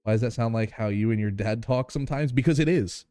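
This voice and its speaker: A man streaming a game and reading it aloud, chatting in a relaxed way with drawn-out fillers. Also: mid-range voice, smooth, no echo, studio quality.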